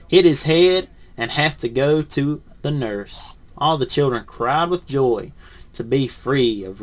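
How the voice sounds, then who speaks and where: A man, a teacher in training, reads a picture book aloud with lively rises on the punchlines, then reviews it softly and hesitantly. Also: mid-range voice. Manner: lively storybook reading, rising on punchlines, then soft and hesitant when reviewing.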